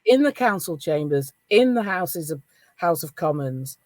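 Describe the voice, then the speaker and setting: A middle-aged woman with a Northern English accent hosting a podcast roundtable over a video call, chatting in a casual, animated way. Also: fairly low pitch, unhurried, dry recording. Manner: animated, laughing, encouraging. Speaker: podcast host.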